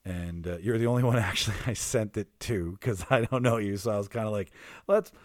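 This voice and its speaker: A man's voice: lowish voice, brisk, no echo, clean studio sound. A man hosting a podcast in casual chat, rambling and laughing often, swearing now and then. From Canada. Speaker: podcast host.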